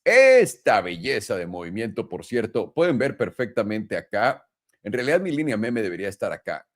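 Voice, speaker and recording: A man's voice: fairly low pitch, sing-song, fast. Joking, crude man hosting a trading talk. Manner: loose, profane, joking. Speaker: co-host, trading educator. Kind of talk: casual chat and chart walkthrough.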